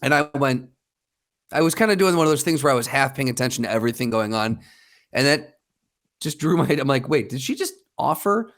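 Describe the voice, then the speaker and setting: A man's voice: medium pitch, a little fast, long pauses, fairly bright tone. A man co-hosting a casual podcast, telling a story and acting out the people in it. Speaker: podcast co-host. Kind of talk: casual chat.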